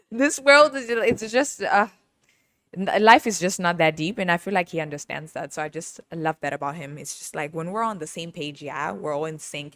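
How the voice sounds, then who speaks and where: A woman's voice: low-pitched, no room sound, studio quality. A woman hosting a podcast, telling stories in a casual, chatty way, laughing often and playfully teasing. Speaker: podcast host. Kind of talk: casual storytelling monologue.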